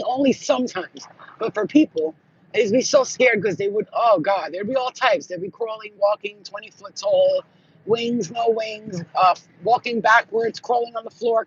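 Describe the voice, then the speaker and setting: A man telling spiritual stories in casual monologue, profane and animated, acting out what people said. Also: high-pitched, muffled recording, slight background noise. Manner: profane, animated, acts out quotes. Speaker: spiritual channel host.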